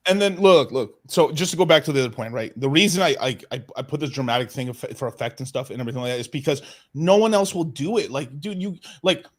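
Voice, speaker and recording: A man in a loose crypto livestream chat. His voice sits a little high, and he gets worked up fast, stacking false starts and swear words as he talks. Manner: excitable, swears a lot, many restarts. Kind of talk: casual chat.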